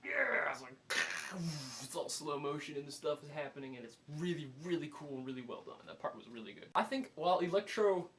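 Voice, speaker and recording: A man giving a casual spoken movie review, animated and full of fillers, acting out his own reactions. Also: a little high, quick pace, few pauses, slight background noise.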